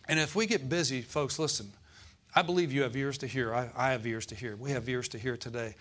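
A man preaching a sermon as pastor, calling out to the congregation and slowing down to stress scripture verses. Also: mid-range voice, a bit bright. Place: church.

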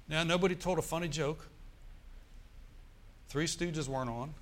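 There's a little hiss or hum as a male pastor with a fairly high pitch preaches at a moderate pace, leaving long pauses. He tells animated stories, fakes a forced laugh, and calls on the congregation to respond.

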